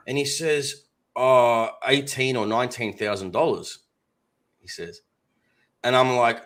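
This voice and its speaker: A man's voice: mid-range voice, a little slow, fairly bright tone. A man chatting casually as a guest, telling a story and acting out both sides of a phone call. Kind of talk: casual chat.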